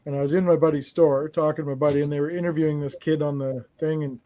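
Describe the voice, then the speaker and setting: A man from Canada chatting casually as a co-host, telling anecdotes in an animated way and acting out the dialogue. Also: fairly high pitch, fast talker. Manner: animated storyteller who acts out quoted dialogue. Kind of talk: casual chat.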